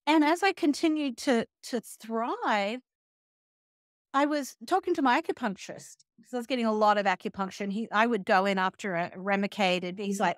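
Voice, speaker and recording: In a casual interview, a middle-aged woman, a health and wellness coach, speaks on the high side at normal speed. She's animated, voicing sarcastic quotes and asides, captured in a dry, studio-quality recording.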